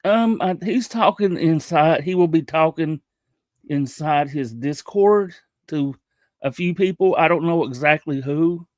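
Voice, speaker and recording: A man's voice: on the high side, a little mellow, no echo. Easygoing man chatting on a stream. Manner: loose, halting, chatting with viewers. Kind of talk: casual livestream chat.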